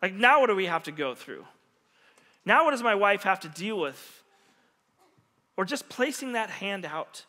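A middle-aged man preaching a sermon, telling a story earnestly with quiet pauses and soft, lowered endings. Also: animated. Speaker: pastor. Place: church hall. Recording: long reverb of a large hall.

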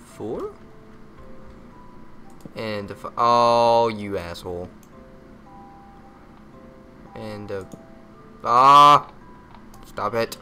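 A man's voice: on the low side, very slow, pauses often, soft background music. A man giving casual gameplay commentary, muttering to himself, yelping and cursing when frustrated, with crude jokes. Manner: muttering, easily frustrated, yelps and curses at the game; crude joking.

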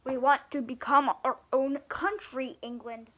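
A woman's voice: sits high, steady tone, measured pace, a bit bright, dull audio. A young woman playing a stubborn colonist who demands independence in a homemade skit. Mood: defiant. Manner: defiant, declaring.

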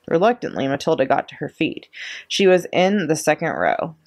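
A librarian reading a children's chapter book aloud, steady and expressive. Her voice sits low but moves a lot in pitch, keeping the story lively. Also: moderate pace.

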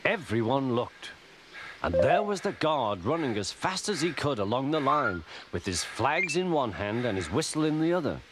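A man narrating a children's storybook in a lively, expressive way. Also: medium pitch, normal speed, heavy background noise. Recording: loud music underneath.

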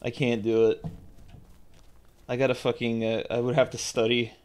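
A man's voice: medium pitch, level tone, normal speed, a little mellow, a little hiss or hum. A man streaming a survival game, rambling casually, swearing and restarting his sentences. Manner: rambling, profane, self-interrupting. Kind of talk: casual gaming commentary.

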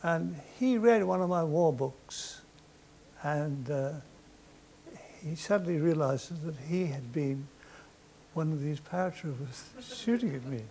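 Older man, deadpan storyteller, unhurried, slightly hissy old tape. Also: on the high side. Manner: dry, deadpan anecdotal delivery. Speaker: comedian telling stories on stage. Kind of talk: live stage storytelling. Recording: faint noise, 1990s VHS tape.

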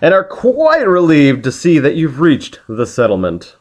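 A man's voice: fairly high pitch, wildly swooping pitch, unhurried. A man hosting a casual video game playthrough, joking around and reading the game text aloud. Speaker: let's play host.

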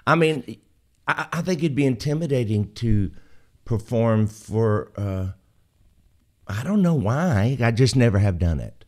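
A man's voice: mid-range voice, lively intonation, measured pace. A man with a Southern accent, hosting a casual interview in a playful way and asking follow-up questions. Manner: playful, laughs easily, asks follow-up questions. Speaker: host.

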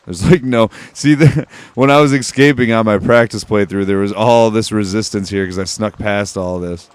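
A man's voice: fairly low pitch, normal speed, smooth, no echo. A man giving casual, offhand let's-play commentary over a walkthrough, swearing freely and dropping wry jokes. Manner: jokey, wry asides. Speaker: gameplay commentator.

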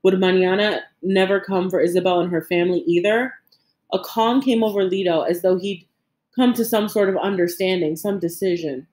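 Female audiobook narrator, measured, expressive, mid-pitched voice. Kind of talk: scripted narration.

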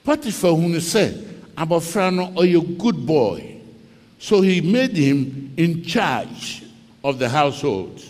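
Ghanaian pastor, high voice, slow and dramatic storytelling sermon, big echoey hall. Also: male voice, sing-song, darkish tone. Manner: dramatic storytelling preacher, acts out scenes.

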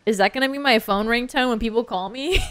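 A woman's voice: fairly high pitch, a little fast, a bit bright, dry recording. A young adult woman livestreaming as she games, giggly and gushing, swearing casually in everyday chat.

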